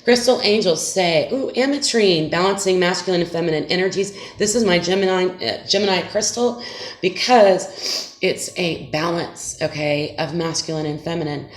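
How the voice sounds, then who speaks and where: A woman giving a casual tarot reading to her viewers, speaking gently and soothingly with many fillers and check-ins. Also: lowish voice, normal speed. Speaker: tarot reader. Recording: echoey room with faint noise.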